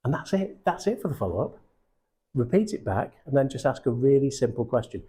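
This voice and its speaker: A man's voice: medium pitch, big pitch swings, a little fast, warm tone, husky. A middle-aged man coaching recruiters, blunt and casual, swearing freely and checking in with his audience. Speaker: sales coach. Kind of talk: live coaching session.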